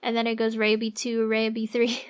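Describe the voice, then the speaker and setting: High-voiced giggly woman streamer. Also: completely flat delivery, normal speed, clear, resonant tone. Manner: chatty, giggly, thinks aloud while drawing. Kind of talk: casual livestream chat with viewers.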